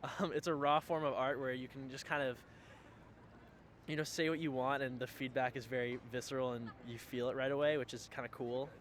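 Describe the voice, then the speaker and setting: A man answering interview questions about comedy, hesitant and halting, outdoors on a city street. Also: medium pitch, level tone, a bit bright, a little hiss or hum. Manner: hesitant, many restarts. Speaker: aspiring comedian.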